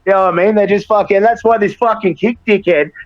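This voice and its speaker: A man's voice: sits high, fairly even intonation, quick pace, dull audio. A man ranting profanely and heatedly in a casual podcast chat. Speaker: wrestler guest.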